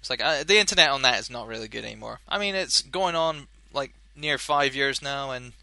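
A young man hosting a casual solo podcast, rambling and animated, swearing casually and laughing at his own jokes. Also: mid-range voice, fairly quick, vocal fry, no echo. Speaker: podcast host.

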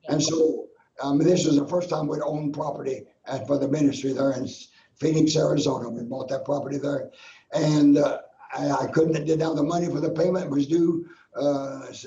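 A man's voice: a little high, mellow, a little hiss or hum. Older male preacher guest, earnest storyteller, recorded in a roomy space with dull, lo-fi audio. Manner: earnest, repetitive preacher's cadence. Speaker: guest minister. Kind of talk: personal testimony storytelling.

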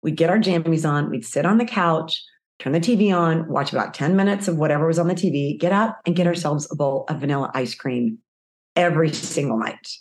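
A woman in her fifties with a low, grounded speaking voice. She talks as an interview guest and tells her stories with animated, acted-out dialogue. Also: fairly quick. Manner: animated storyteller, acts out quoted voices. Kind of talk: conversational storytelling interview.

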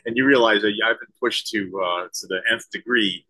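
A man, a former special-forces soldier and leadership consultant, answering interview questions thoughtfully with halting restarts. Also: on the low side, sharp tone, low-quality recording. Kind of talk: conversational interview.

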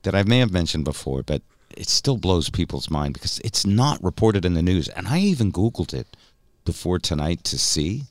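A man hosting a podcast in casual chat, telling stories in an animated way and slipping into mock voices. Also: sits low, normal speed, no room sound. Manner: chatty, animated storytelling, slips into mock voices. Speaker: podcast host.

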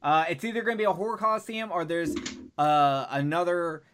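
A man's voice: a little high, fairly even intonation, fairly quick, a bit bright, a little hiss or hum. A man hosting a podcast in casual chat, loose and profane with lots of filler words. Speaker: podcast host.

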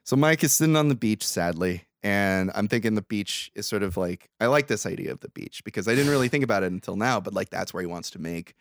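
Man podcast co-host, low voice, dry close mic, profane animated recap. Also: fast talker, few pauses, no room sound. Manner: profane, animated retelling with acted quotes. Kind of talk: casual movie recap chat.

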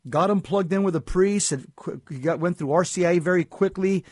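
Husky earnest guy, repeats himself when fired up, dry close mic. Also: sits high, a little fast, darkish tone, no echo. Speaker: Catholic radio co-host. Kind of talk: casual faith talk show chat.

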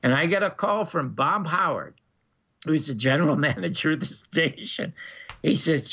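An older man from Canada, a former TV critic, telling animated anecdotes in an interview, with frequent restarts and laughs, in a dull lo-fi recording. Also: fairly high pitch, normal speed, breathy edge. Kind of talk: storytelling interview.

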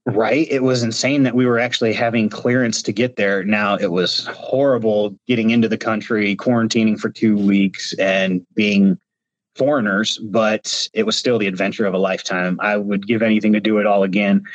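A man from Ohio tells his stories with lively hand-waving energy in a casual video-call interview. His voice is dry and close, with no room sound. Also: on the low side, moderate pace, dry recording, muffled recording. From Ohio, United States. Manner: animated storyteller, gestures with his hands. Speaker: reality show contestant guest.

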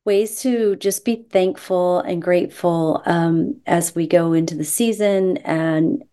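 A woman co-hosting a health radio show, speaking gently and haltingly with lots of filler ums while she introduces a question. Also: on the low side, fairly even intonation, clear, resonant tone.

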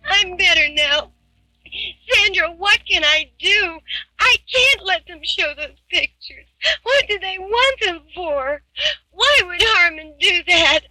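A naive teenage girl with a very high, bright voice. She speaks slowly, timid and pleading, in 1960s film style. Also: animated, dry recording, heavily acted, low-quality recording. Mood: tearful.

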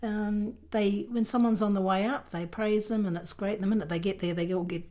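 A woman's voice: mid-range voice, steady tone, a little fast, warm tone. Older woman explaining slang. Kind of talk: casual chat explaining slang.

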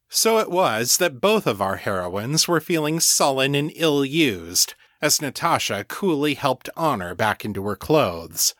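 A man's voice: medium pitch, a bit bright, no echo, studio quality. A man host giving a scripted recap of the story so far in a storytelling manner.

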